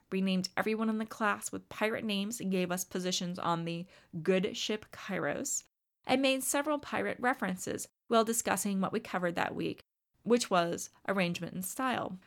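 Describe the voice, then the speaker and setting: Gravelly-voiced woman reading an academic talk. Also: mid-range voice, fairly bright tone. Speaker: writing instructor. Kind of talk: scripted lecture narration.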